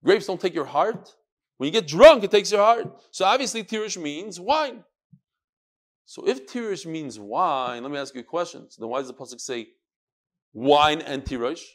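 A man leads a lively Talmud class, peppering his students with questions. His voice sits fairly high for a man, and he moves energetically through each point. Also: normal speed. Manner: lively, questioning, mixes Yiddish and Hebrew terms. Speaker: Talmud teacher. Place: classroom or study hall with students.

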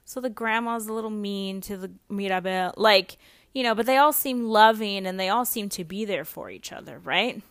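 A woman's voice: medium pitch, moderate pace, dry recording, clean studio sound. A young adult woman hosting a podcast in a casual monologue, chatty and blunt, swearing freely and peppering her talk with "like.". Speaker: podcast host.

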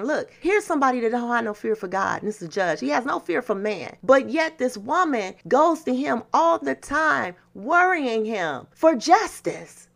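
A woman preaches a fervent sermon, her high voice gravelly and swinging widely up and down. She keeps calling back to the listeners and climbs into shouted emphasis. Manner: call-and-response preaching, rising to shouts.

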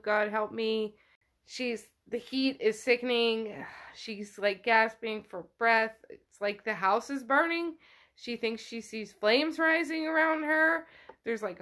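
A woman's voice: a little high, a bit bright. A woman podcast host casually retelling a book chapter, with lots of "like" fillers.

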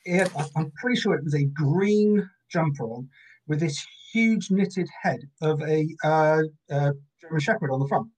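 Brief: Cornish guest in his fifties, precise memory, halting delivery, higher pitch. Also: a little mellow, slightly rough, poor audio. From Cornwall, England. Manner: precise about dates, hesitant with fillers. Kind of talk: casual chat.

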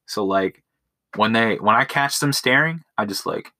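A young man with a low, bright, sharp-edged voice rambles through a solo podcast at home. He swears constantly and mocks himself in loose, crude asides, talking into his phone. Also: normal speed. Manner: crude, rambling, self-mocking, swears a lot. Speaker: podcast host. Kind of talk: casual solo podcast monologue.

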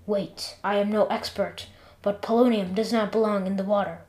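A woman voicing a dramatic, excitable young Martian who groans, yelps and whines. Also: medium pitch, normal speed, natural voice. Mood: stern. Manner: melodramatic, groaning and yelping.

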